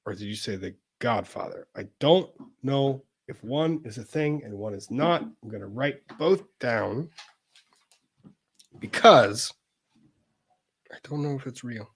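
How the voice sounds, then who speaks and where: A man's voice: medium pitch, lively intonation, a little slow, long pauses, husky, no echo. A man hosting a live-streamed legal talk show, reading viewer messages aloud in a chatty, wry way with laughs and casual cursing.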